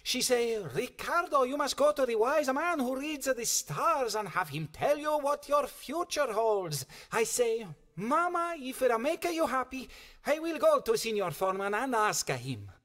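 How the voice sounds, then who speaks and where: A man's voice: extremely high pitch, sing-song, unhurried, fairly bright tone, full character voice. An actor playing a man in disguise posing as an Italian merchant, with a theatrical put-on Italian accent and broken English in a game. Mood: coaxing. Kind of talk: game voice acting.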